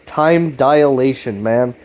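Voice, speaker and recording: A man's voice: mid-range voice, slow, darkish tone. A man hosting a casual video recap, rambling loosely with frequent swearing and restarts. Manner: profane, laid-back, rambling with restarts. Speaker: video series host.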